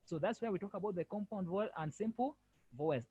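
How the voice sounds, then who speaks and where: A man's voice: sits high, fast talker, husky, no echo, dull audio. A male French language lecturer giving an online lesson over a video call, repeating himself and firmly correcting students. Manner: repetitive, firm corrections.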